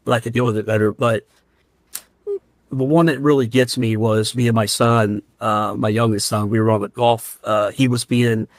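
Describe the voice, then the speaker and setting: A man's voice: on the low side, steady tone, normal speed, no echo. A firefighter and paramedic from Central Ohio, a man, earnestly telling a personal story as a podcast guest. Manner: earnest and heartfelt, emotional while recounting. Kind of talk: candid interview storytelling.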